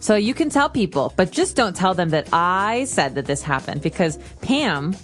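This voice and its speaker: A woman's voice: fairly low pitch, big pitch swings, moderate pace, faint music behind. A woman co-hosting an English lesson podcast, explaining phrases plainly and acting out examples. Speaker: co-host.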